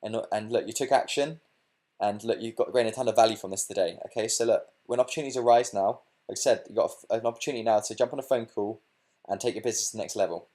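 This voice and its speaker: A man with a fairly low voice closes out an online business webinar as its host. He talks in short, punchy bursts and checks in with "okay?" and "look" again and again. It is an energetic sales pitch that pushes listeners to take action. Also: quick pace. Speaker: business coach hosting a webinar.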